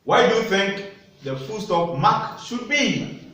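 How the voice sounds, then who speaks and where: Slow, high-voiced man teaching children. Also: animated, sharp tone. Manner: slow, deliberate teacher talk with questions to children. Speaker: primary school teacher. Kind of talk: recorded classroom lesson. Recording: echoey room, voice from a distance.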